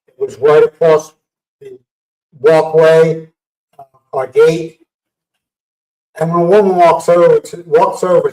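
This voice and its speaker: A man hosting a casual livestream who tells stories in a lively way and acts out what people said. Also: on the high side. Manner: animated storyteller acting out quotes. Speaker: livestream host. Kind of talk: casual storytelling chat. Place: home livestream setup. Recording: roomy sound from a distant mic.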